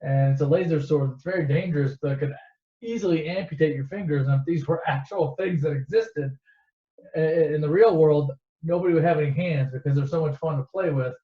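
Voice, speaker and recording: A man's voice: fairly high pitch, brisk, lightly acted. Guy doing a chill old mentor dude, talks like its no big deal, dull echoey sound. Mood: casual.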